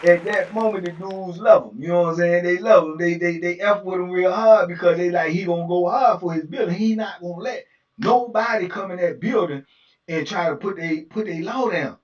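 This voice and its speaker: A man casually telling an animated, slang-filled story and laughing often. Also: high-pitched, fairly quick, a faint crowd. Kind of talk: casual anecdote. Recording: distant dull lo-fi recording.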